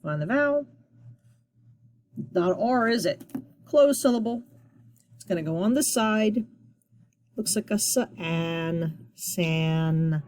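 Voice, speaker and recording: A woman teacher giving a recorded phonics lesson to young students, upbeat and sounding out each sound deliberately. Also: lowish voice, expressive, a little mellow.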